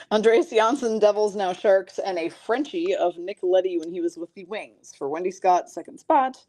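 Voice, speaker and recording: A woman's voice: medium pitch, normal speed, dark tone. A woman hosting a live card break stream, calling out cards and reading the chat in a chatty, self-mocking way, often breaking into giggles. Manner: giggly, keeps breaking into laughter.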